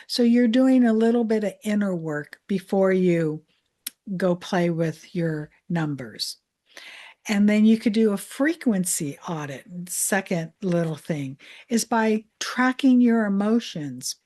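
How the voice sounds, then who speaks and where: A woman money mindset coach giving a calm, soothing self-help training talk. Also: mid-range voice. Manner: calm, slow, soothing guidance.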